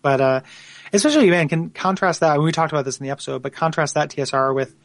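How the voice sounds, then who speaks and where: A man co-hosting a podcast, his voice slightly high for a man and gravelly. He chats loosely, circling back and restarting his sentences, recorded close and dry with no room sound. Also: animated, quick pace, no echo. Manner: rambling, many restarts and fillers. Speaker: podcast co-host. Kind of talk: casual chat.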